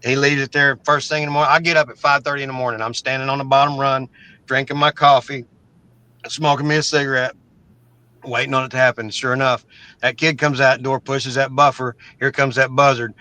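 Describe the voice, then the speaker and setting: A man's voice: mid-range voice, level tone, fairly quick, pushed and bright, dry recording, rough recording. A middle-aged man from Oklahoma, a guest telling a story in a casual, blunt, profane way, often stumbling and repeating words. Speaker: interview guest.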